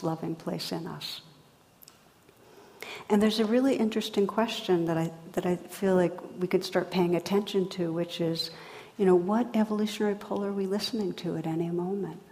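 Gentle woman meditation teacher, lowish voice. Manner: gentle, reflective, unhurried phrasing with pauses. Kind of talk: dharma talk. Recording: long hall reverb.

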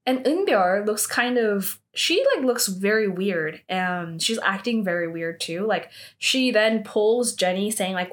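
A woman's voice: mid-range voice, a little slow, hardly any pauses. Chatty woman recapping a drama. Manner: chatty, heavy use of 'like' fillers. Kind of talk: casual plot recap.

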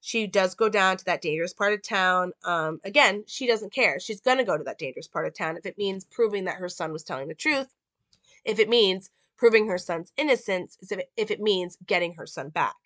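A woman's voice: medium pitch, brisk, fairly bright tone, no echo. A woman giving casual film commentary in a chatty, rambling way with many fillers. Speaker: movie reviewer.

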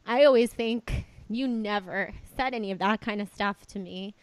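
Chatty excitable young woman. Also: medium pitch, moderate pace, dry recording, poor audio. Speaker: podcast host. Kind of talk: casual chat.

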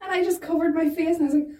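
A woman in her twenties, a stand-up comedian, chatting casually and animatedly with lots of swearing. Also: very high-pitched. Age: 20s. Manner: animated, swearing, quick storytelling. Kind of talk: casual podcast chat. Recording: roomy sound, distant mic.

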